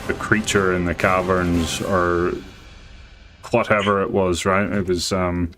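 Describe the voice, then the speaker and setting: Brief: male game master, low voice, unhurried and halting delivery, faint music behind. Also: level tone. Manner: halting, with many fillers and restarts. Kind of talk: narrating a live tabletop game.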